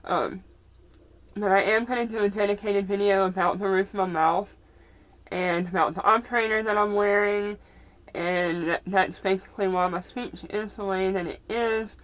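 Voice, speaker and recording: A woman's voice: medium pitch, fairly even intonation, moderate pace. A woman vlogger at home, speaking candidly and rambling through a casual get-ready-with-me chat, her speech a little muffled. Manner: candid, rambling, self-correcting.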